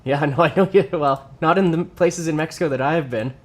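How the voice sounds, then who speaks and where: A man's voice: fairly high pitch, fairly quick. Chatty man streaming a workout. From Canada. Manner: chatty, reads viewer comments aloud and answers them. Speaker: livestreamer and lifter. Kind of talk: casual livestream chat. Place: home workout space.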